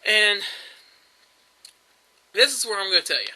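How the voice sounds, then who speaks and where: A man's voice: high-pitched, lively intonation, a little slow, pushed and bright, rough recording. A young man casually commenting while playing a video game, rambling with frequent fillers and restarts. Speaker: gameplay commentator. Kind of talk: casual let's-play commentary.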